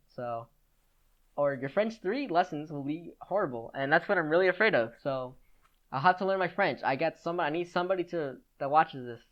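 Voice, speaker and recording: A teenage boy with an expressive, higher-pitched voice hosts a solo podcast, talking briskly. His casual chat rambles, full of "like"s, fillers, and restarts, and the sound is lo-fi.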